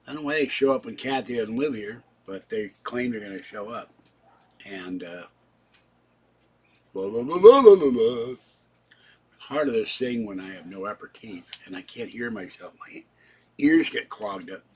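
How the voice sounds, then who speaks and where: A man's voice: on the low side, normal speed, slightly rough. A man in his seventies, hosting a casual live stream and chatting to viewers, rambling from one topic to the next. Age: 70s. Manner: chatty, talks straight to viewers. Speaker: channel host.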